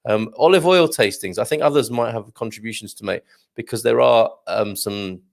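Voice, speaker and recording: A middle-aged man with a gravelly, fry-touched voice hosts a casual live morning show. He reads out viewer comments in a chatty, joking way and chuckles as he goes. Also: on the low side, moderate pace. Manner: chatty and jokey, tells corny dad jokes, chuckles often. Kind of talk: casual live-stream chat.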